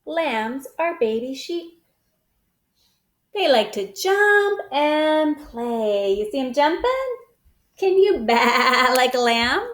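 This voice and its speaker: A woman hosting storytime, reading a picture book aloud to children in an animated, coaxing way with gasps and exclamations. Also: high-pitched, slow pace, reverberant. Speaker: storytime host.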